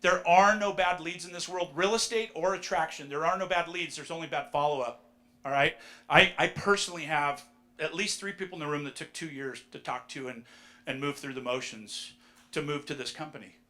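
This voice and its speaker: Man, conference speaker, high-energy storyteller, fairly high and bright voice. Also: brisk. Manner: energetic, storytelling, addresses the audience directly. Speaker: real estate speaker. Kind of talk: live conference talk. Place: conference room with audience.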